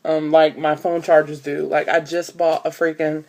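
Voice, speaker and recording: A woman's voice: low voice, little pitch movement, moderate pace, a little mellow. A young woman vlogging casually into her phone camera, rambling with lots of fillers. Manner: chatty, rambling with many fillers.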